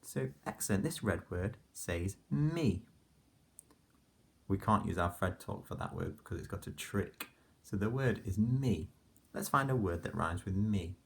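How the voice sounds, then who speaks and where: A man teaching a phonics lesson to young children, slowly sounding out letters one by one and praising the class patiently. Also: sits low, expressive, vocal fry, slightly rough. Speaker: primary school teacher.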